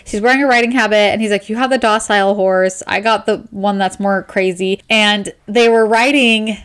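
A young woman casually co-hosting a podcast, recapping a novel with lively acted-out quotes and giggles. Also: mid-range voice, moderate pace, clear, resonant tone. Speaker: podcast co-host. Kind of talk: casual book recap chat.

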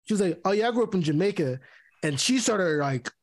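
A man with a notably high voice co-hosts a casual podcast. He tells stories in an animated way, tripping over repeated words and laughing along the way. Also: brisk. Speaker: podcast co-host.

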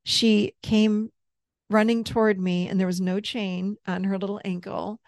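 Gravelly, candid middle-aged woman. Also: medium pitch, measured pace, no room sound. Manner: candid, animated, laughs easily, swears freely. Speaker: therapist and coach, podcast guest. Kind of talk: casual storytelling in an interview.

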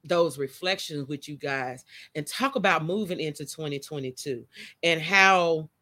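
A woman's voice: sits low, moderate pace, pushed and bright. A woman hosting a casual live stream, chatty and emotional, talking straight to her viewers from outdoors. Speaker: live show host. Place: outdoors by a motion-sensor light in the wind.

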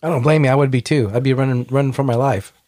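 A male podcast host asking questions and offering quick, sympathetic reactions to his guest's story. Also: medium pitch, fairly even intonation, a little mellow, no echo. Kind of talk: interview questions.

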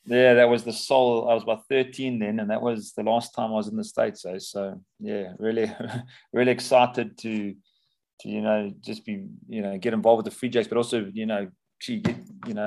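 A young man, a new coach, chatting casually in an interview, relaxed and quick to laugh, often tagging his sentences with "eh?". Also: fairly low pitch, creaky. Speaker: guest coach.

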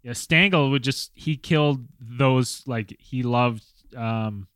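A man co-hosting a podcast in casual chat, halting and filling pauses as he reads names from his notes. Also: medium pitch, a bit bright, smooth, no echo. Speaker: podcast co-host.

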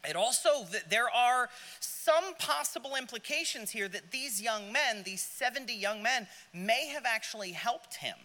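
A man's voice: very high voice, pushed and bright, big-room sound. A man teaching a Sunday school Bible class, joking aside and asking the class questions as he reads. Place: church classroom.

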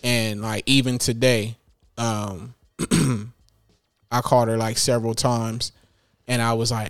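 A man's voice: mid-range voice, level tone, takes it slowly, clean tone, dry recording. A man talking casually as a parent, rambling and restarting his sentences often. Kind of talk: casual chat.

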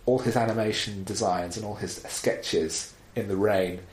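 A man chatting casually about films, animated and wry, with exasperated asides. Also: on the low side, normal speed. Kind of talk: casual film chat. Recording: roomy echo, faint background noise.

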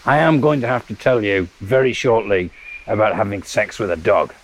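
A man's voice: on the low side, moderate pace, slight background noise. Rambling man on a river walk. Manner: self-deprecating rambling storyteller, laughs often. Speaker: podcast host. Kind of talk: casual walking monologue.

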